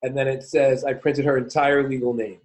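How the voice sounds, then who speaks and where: A man's voice: mid-range voice, little pitch movement, moderate pace, a little mellow, poor audio. A man co-hosts a casual podcast chat with a mid-range voice. He tells stories in a joking, chatty way. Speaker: podcast co-host.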